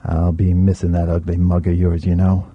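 A man's voice: deep voice, completely flat delivery, moderate pace, husky, dry recording, narrow, tinny audio. A man playing a wry, graying streetwise man. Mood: teasing. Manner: laid-back drawl, teasing.

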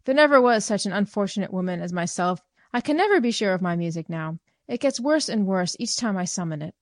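A woman voicing a fussy, indignant woman who is easily irritated, shrill and petulant. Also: expressive, a little fast, dry recording, studio quality, natural voice. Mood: aggrieved.

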